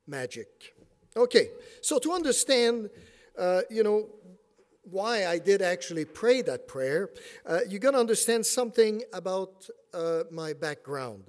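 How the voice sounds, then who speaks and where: French-Canadian preacher with a high voice. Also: male voice. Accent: Quebec French. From Quebec City, Canada. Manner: self-deprecating jokes, many fillers, drops to quiet for serious points. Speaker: preacher and theology teacher. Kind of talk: sermon with personal story.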